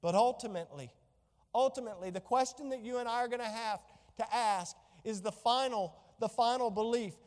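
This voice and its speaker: A woman's voice: a little high, brisk, darkish tone, in a large hall. A woman preaching a sermon with fervor, piling up rhetorical questions. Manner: fervent, stacked rhetorical questions.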